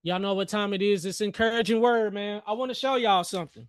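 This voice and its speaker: Man, high voice, dry close sound, casual trading stream chatter, jokey, talks to the chart. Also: a little fast, hardly any pauses, clean tone, no room sound. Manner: joking, talks back to the chart, lots of "man" and "y'all". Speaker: livestream host and futures trader. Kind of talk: casual live trading commentary.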